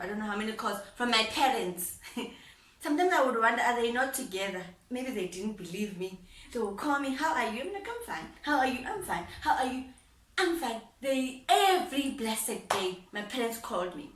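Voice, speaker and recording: A woman's voice: on the high side, fairly bright tone. A young woman vlogger telling a personal story in a heartfelt way, repeating phrases and laughing often. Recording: roomy sound, mic at a distance.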